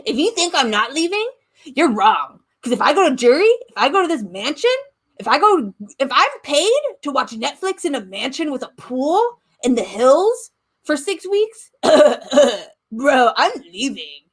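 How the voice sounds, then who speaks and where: A whiny, brash young guy who keeps calling everyone "bro", as a young woman mocks him. The voice stays close to her own, slow and a little high, with a sneering edge. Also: big pitch swings. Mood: mocking. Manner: mocking, bro-speak. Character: brash young male reality contestant, whiny.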